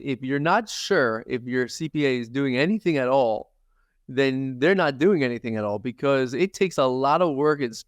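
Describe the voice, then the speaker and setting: A man at a middle pitch lays out tax matters methodically, point by point, as a podcast guest. His voice sits close and dry, with no room around it. He sounds like a seasoned professional. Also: smooth, no room sound. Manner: steady, methodical explainer who lists examples. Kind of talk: podcast interview, explaining.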